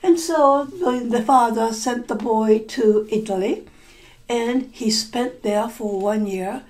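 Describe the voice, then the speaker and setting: A woman language teacher telling a story to learners, slowly repeating and explaining words with many hesitant fillers. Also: a little high, darkish tone, rough recording.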